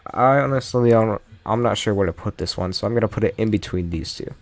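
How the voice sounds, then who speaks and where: A man's voice: lowish voice, a little fast. A man giving casual, jokey commentary while ranking game characters, often trailing off mid-sentence. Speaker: YouTuber ranking Pokémon.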